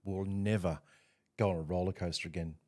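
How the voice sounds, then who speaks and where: A middle-aged man chatting on a podcast, thoughtful and questioning himself as he talks. His voice is very low. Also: fairly even intonation, fairly quick, a little mellow. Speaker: podcast co-host. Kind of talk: casual chat.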